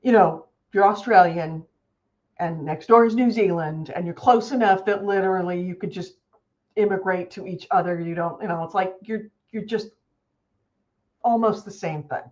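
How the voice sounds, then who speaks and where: A woman co-hosting a casual chat show, telling stories in an animated, swearing, easygoing way. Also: medium pitch, moderate pace, muffled recording. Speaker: podcast co-host.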